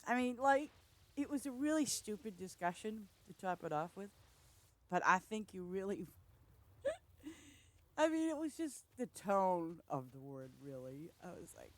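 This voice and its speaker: A woman's voice: mid-range voice, sing-song, measured pace, no room sound. A woman game streamer chatting casually while she plays, rambling through stories with lots of laughter and restarts. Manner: rambling storyteller, frequent laughing, self-interrupting. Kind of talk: casual livestream chat while playing a farming game.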